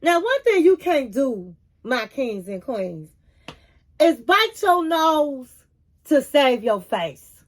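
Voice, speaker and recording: High voiced woman giving a sassy chatty tv recap, keeps saying honey. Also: very animated, slow. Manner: sassy and chatty, calls listeners honey and kings and queens. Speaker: commentary channel host. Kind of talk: casual reality-show recap.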